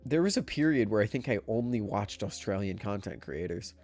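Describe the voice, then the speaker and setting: A man's voice: fairly low pitch, very animated, a little fast, a little mellow. A man chatting casually on a livestream, laughing easily and swearing in passing. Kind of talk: casual chat. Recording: faint background music.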